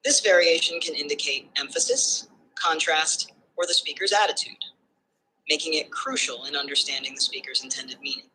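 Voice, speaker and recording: A bright, crisp synthetic voice explains concepts in tidy numbered points with an even, smooth delivery. Faint background noise sits under it. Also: mid-range voice, normal speed, rough recording. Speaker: AI assistant answering questions. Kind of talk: structured explanatory answers.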